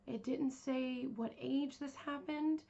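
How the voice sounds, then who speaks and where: Slow, chatty woman podcaster. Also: high-pitched, steady tone, gravelly, warm tone, lo-fi sound. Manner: rambling, chatty, with many fillers. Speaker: true crime podcast host. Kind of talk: casual storytelling.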